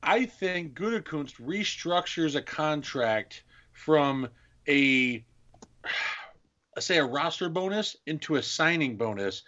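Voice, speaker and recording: A man's voice: on the high side, animated, takes it slowly, pushed and bright. A man co-hosting a casual sports podcast, rambling through football news and analysis. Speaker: podcast co-host. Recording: muffled lo-fi mic.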